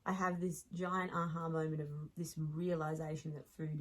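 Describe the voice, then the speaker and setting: A woman in her late thirties with an Australian accent, telling a lively personal story as a podcast guest and laughing along as she talks. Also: sits low, normal speed, low-quality recording.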